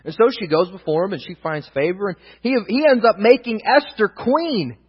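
A man with a high, husky voice preaches a sermon. He retells scripture as a story and swings between loud emphasis and hushed asides. His voice rings out with a long reverb in a big hall, and the recording sounds dull. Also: animated, moderate pace. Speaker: pastor.

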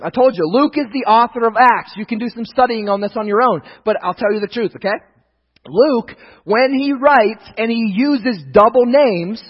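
Emphatic high-voiced preacher in a reverberant hall. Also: male voice, husky. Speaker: pastor. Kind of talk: sermon. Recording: dull lo-fi sound with long reverb.

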